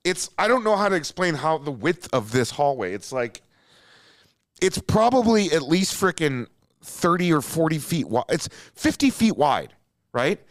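A man's voice: fairly high pitch, moderate pace, no room sound, studio quality. A man from Minnesota hosting a podcast, telling a long story in a casual, profane way, and jumping into quotes he acts out. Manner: animated, profane, jumps into acted-out quotes. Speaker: podcast host.

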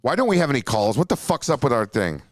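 Fast-talking and medium-pitched, this Minnesota man hosts a podcast in a dry, studio-quality recording. He tells a lengthy, casual, profane story with animated energy, jumping into acted-out quotes.

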